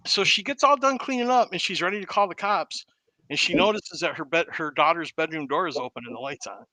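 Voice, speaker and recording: A man, a podcast host, casually retelling a movie plot as an animated storyteller. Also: fairly high pitch, a little fast, no room sound, poor audio. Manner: animated storyteller who acts out the quotes.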